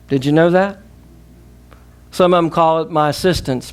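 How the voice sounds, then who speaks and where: A man's voice: fairly high pitch, normal speed. Emphatic Southern man preaching a sermon. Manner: emphatic preaching with call-and-response. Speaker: pastor.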